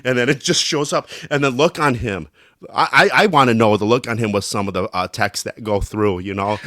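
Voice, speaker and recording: A man co-hosting a casual podcast, telling joking stories with sudden loud bursts when he quotes himself. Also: fairly low pitch, fairly quick, no echo, studio quality. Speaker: podcast co-host. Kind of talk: casual storytelling chat.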